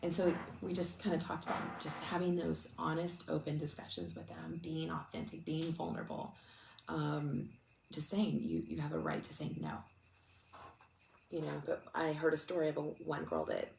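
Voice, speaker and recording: A woman's voice: low-pitched, expressive, normal speed, gravelly, darkish tone. A woman ministry speaker telling a story in a casual, chatty way, full of restarts and fillers, and close to tears. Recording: echoey room with faint noise.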